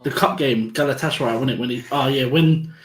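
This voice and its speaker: A man's voice: mid-range voice, a little fast. A man on a live football fan show, easygoing and laughing between his points. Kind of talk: casual live-stream chat. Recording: echoey room sound.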